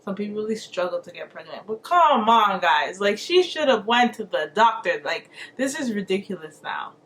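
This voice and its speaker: A woman hosting a reaction video, commenting in a playful, sassy and animated way. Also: mid-range voice, moderate pace, slight background noise.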